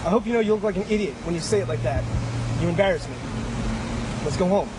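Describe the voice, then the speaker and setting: Man playing a high quick Philly guy scolding a friend, heavy street noise. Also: natural voice. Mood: scornful. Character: scornful man embarrassed by his companion. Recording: noisy outdoor video audio.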